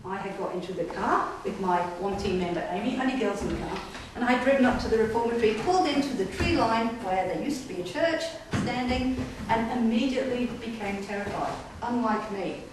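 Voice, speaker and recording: A woman's voice: fairly high pitch, fairly quick, few pauses. Woman, paranormal investigator, chatty storyteller who keeps checking in with the crowd; recorded from a distance in a very echoey room. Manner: chatty, checks in with listeners, laughs often. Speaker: paranormal investigator giving a public talk. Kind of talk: casual storytelling talk to an audience. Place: display day inside an old gaol. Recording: echoey room heard from afar, faint hiss.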